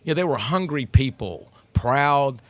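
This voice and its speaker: A man with a Southern accent, a restaurateur telling his family story in a relaxed interview. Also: mid-range voice, unhurried. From Texas. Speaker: restaurateur guest. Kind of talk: casual interview conversation.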